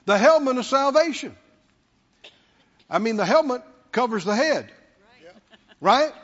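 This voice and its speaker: Preaching a sermon slowly and emphatically, a male pastor uses his very high, fairly bright voice expressively, repeating key words and calling for the congregation to answer in call-and-response. His words ring through a long hall reverb in a church sanctuary, captured on a dull, lo-fi recording.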